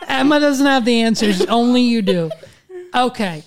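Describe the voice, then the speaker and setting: Profane, animated storytelling man. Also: very high voice, normal speed, creaky. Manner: animated, swears constantly. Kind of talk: casual storytelling chat.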